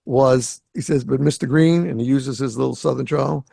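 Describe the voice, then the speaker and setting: A man's voice: mid-range voice, moderate pace, creaky, breathy edge, dry recording. A man from the Greater Boston area hosting a podcast, telling a story and acting out the quoted dialogue. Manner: animated storyteller who acts out quoted dialogue. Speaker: podcast host. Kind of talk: casual storytelling conversation. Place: home in South Florida.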